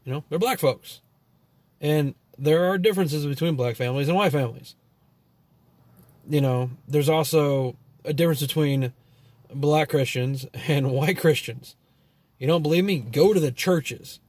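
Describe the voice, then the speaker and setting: A man's voice: a little high, measured pace, darkish tone, dry recording. A man telling a long story as a vlogger in a casual, profane rant that rambles and is full of "you know" and "like".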